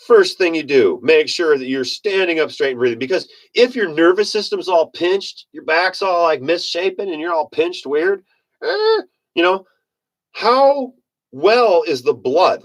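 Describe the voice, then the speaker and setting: Rambling folksy man, slightly high voice. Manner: rambling, folksy, self-correcting. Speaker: self-help speaker. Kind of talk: casual motivational monologue.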